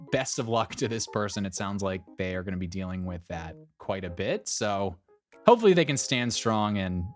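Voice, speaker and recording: A man narrating online posts aloud and adding conversational, amused commentary. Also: on the low side. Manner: lively, conversational, amused asides. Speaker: narrator of reader stories.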